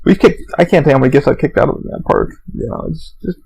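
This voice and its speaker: Young male podcast host, gravel in the voice, slightly high-pitched, loose and profane, rambles and mimics people. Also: quick pace, darkish tone, slight background noise, poor audio. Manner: profane, rambling storytelling with many fillers; acts out quoted people in raised voices. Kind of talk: rambling solo podcast monologue.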